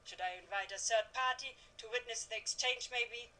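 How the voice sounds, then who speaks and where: A woman's voice: fairly high pitch, normal speed, sharp tone, poor audio. A woman voicing an old female storyteller in a video game, with a put-on German accent and a theatrical, mysterious manner. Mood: teasing. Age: older. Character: old female storyteller, ominous and food-loving. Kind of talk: video game character acting.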